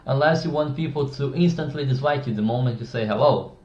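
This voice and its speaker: A man's voice: medium pitch, brisk, darkish tone. Blunt man talking in an echoey room. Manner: blunt, opinionated, with many restarts. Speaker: communication advice creator. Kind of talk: casual talk to camera. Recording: echoey, dull-sounding room.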